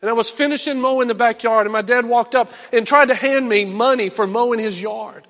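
A middle-aged man preaching in a church sanctuary, with a fairly high voice. His delivery swings between loud, impassioned calls and low, quiet urging, and a long reverb trails every phrase. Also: brisk. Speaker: pastor. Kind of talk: sermon.

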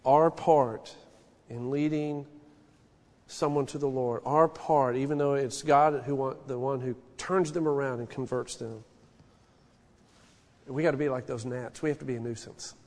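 A man in his forties preaching a sermon, telling stories with an animated, folksy manner. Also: medium pitch, unhurried. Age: 40s. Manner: storytelling, animated, folksy asides. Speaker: pastor. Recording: long hall reverb.

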